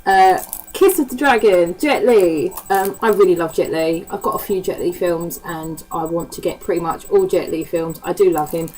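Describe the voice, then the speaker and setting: A woman's voice: fairly low pitch, moderate pace, a little mellow, rough recording. A woman from the East End of London with a Cockney accent, chatting casually to camera as a vlogger, swearing freely and filling her talk with ums. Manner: chatty and swears freely, with frequent laughs and fillers. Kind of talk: casual chat.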